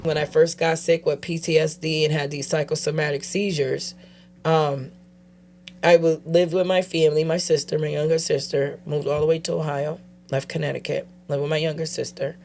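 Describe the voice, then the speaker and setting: A woman guest telling her personal story in a casual interview, animatedly acting out other people's voices and dropping quiet when she turns serious. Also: low-pitched, moderate pace, a little hiss or hum. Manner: animated, acts out quoted voices. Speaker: guest, advocate.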